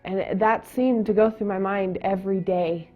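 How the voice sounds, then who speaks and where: Halting young woman with soft music behind. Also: mid-range voice, fairly even intonation. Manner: halting, emotional, with pauses and restarts. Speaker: testimony speaker. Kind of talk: personal testimony. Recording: dull lo-fi sound with faint music.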